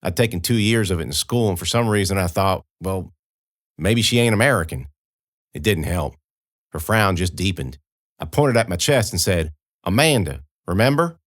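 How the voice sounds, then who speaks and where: Folksy low-voiced male audiobook narrator. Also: expressive, normal speed, no echo, clean studio sound. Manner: folksy, conversational storytelling. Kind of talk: first-person audiobook narration.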